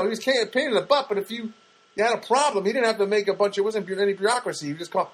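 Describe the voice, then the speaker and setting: A man's voice: high voice, very fast, slightly rough, poor audio. A man, a comedian, telling a wry, rambling anecdote with many asides and acted-out dialogue. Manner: digressive, wry, full of restarts and acted-out quotes.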